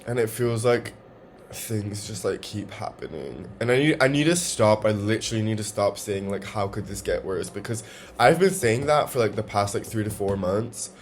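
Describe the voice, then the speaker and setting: A young man vlogging from home, talking in a halting, emotional way and swearing often. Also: lowish voice, a little hiss or hum. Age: young adult. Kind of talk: confessional personal vlog.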